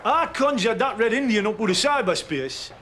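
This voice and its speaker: A man's voice: high voice, lively intonation, normal speed, a bit bright, a little hiss or hum. An actor with a Geordie accent playing a brash, pushy working man in a TV drama. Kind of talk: TV drama acting.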